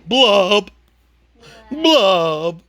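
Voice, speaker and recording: Man doing a glum moping fish, slow, mournful singsong, higher voice. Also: big pitch swings, bright, forceful tone, full character voice. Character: gloomy moping male fish.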